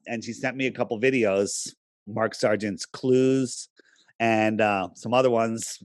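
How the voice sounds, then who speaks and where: A man's voice: fairly low pitch, fairly even intonation, a little slow, no room sound, clean studio sound. A man as a podcast guest, talking in a casual interview, emphatic and persuasive, often pressing his points with rhetorical questions.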